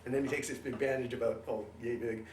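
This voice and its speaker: Older male veteran, animated oral-history teller; roomy, distant sound with faint hiss. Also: mid-range voice, fast. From Canada. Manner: animated storytelling, acts out quoted voices. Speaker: veteran interviewee.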